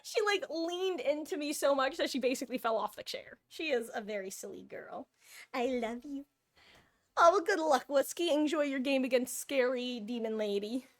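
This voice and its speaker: A woman's voice: sits high, expressive, moderate pace. A woman streaming live, chatting casually and cooing over her cat between game talk.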